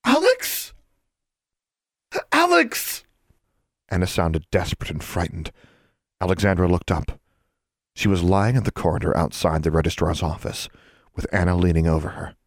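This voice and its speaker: A man narrating an audiobook in an even, measured storytelling manner. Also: deep voice, no room sound, studio quality.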